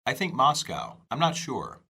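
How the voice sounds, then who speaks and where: A man reading scripted dialogue for an English lesson, slow, clear and careful. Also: medium pitch, huge pitch swings, sharp tone.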